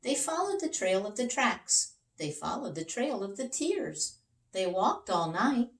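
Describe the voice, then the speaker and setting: A woman teacher reading a children's storybook aloud, slow and expressive; roomy sound with the mic far off. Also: mid-range voice. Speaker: middle school teacher.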